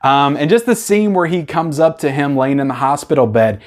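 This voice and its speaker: A man's voice: a little high, normal speed. A man giving a casual, unscripted film ranking review to his viewers, rambling and enthusiastic as he talks off the cuff. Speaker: movie reviewer.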